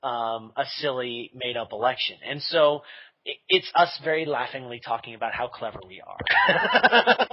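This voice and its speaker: A man's voice: medium pitch, expressive, moderate pace, muffled recording. A man talking casually in a podcast interview, rambling with fillers and restarts and laughing at himself. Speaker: podcast creator being interviewed.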